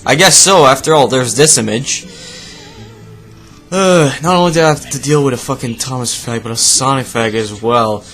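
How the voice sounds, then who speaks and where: A man's voice: mid-range voice, moderate pace, fairly bright tone, faint music behind. A man giving sarcastic, profane reaction commentary on a video, ranting at what he sees. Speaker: video reviewer.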